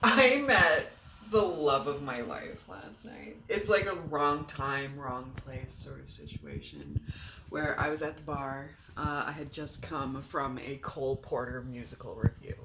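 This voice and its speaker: A woman's voice: very deep voice, lively intonation, a little slow, background noise. A young woman vlogging from home while hungover, chatting candidly and laughing often as she tells a story into the camera. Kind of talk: casual confessional vlog.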